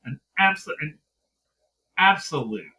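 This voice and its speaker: A man's voice: a little high, animated, a little slow, pushed and bright, far from the mic, rough recording. A man co-hosting a wrestling review podcast, ranting heatedly in casual chat, swearing and mimicking people in mocking voices. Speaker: podcast co-host.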